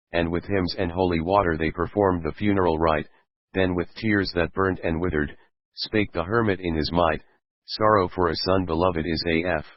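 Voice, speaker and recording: A man giving a steady, measured audiobook reading of old rhyming verse. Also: low-pitched, no echo. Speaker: audiobook reader. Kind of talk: scripted narration of verse. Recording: dull lo-fi dry recording.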